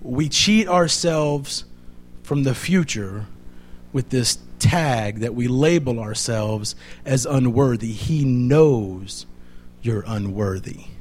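A man's voice: medium pitch, slow pace, slight background noise. A man preaching a sermon, emphatic and full of repeated rhetorical questions.

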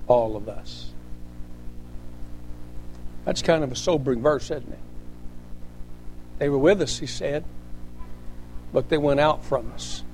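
High-voiced emphatic preacher. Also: male voice, darkish tone, slight background noise. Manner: emphatic preaching with frequent amens and praise interjections. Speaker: pastor. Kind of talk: sermon.

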